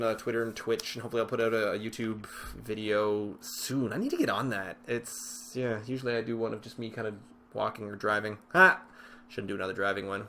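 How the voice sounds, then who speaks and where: A man casually commenting while he plays a card game, chatty and rambling, with sudden excited outbursts. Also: mid-range voice. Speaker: gaming channel host. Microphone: desk microphone with webcam.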